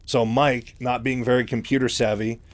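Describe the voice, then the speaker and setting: A man's voice: mid-range voice, level tone, moderate pace, dry recording. A man casually retelling a novel's plot in a chatty, loose way, full of fillers. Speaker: story retelling host.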